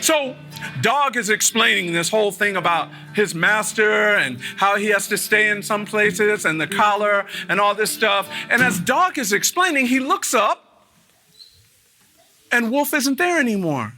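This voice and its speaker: A man telling a fable live to an audience of students in an arts center, animated, with dramatic pauses and chanted call-and-response refrains. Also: high-pitched, soft background music. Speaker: storyteller.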